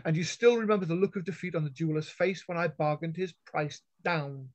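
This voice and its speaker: A man putting on a firm, clear-voiced young noblewoman. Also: a little high, fairly quick, close to an everyday voice. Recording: dull lo-fi online call audio.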